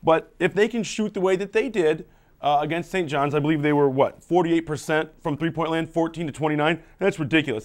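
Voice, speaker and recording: A man's voice: a little high, a little mellow. A man giving confident sports analysis on a student TV show, rattling off statistics.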